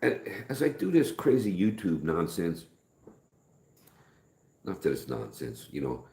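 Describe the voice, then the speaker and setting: Very deep-voiced man chatting on a live stream. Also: huge pitch swings, measured pace, echoey room. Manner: rambling, folksy, talks to chat viewers by name; speaking softer than usual. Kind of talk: casual live-stream chat.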